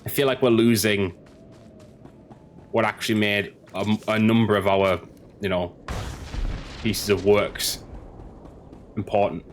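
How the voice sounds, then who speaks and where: A man's voice: on the low side, steady tone, slow, pauses often, soft background music. A man rambling through opinionated casual commentary as a gaming streamer, often restarting his sentences. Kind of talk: casual commentary over gameplay.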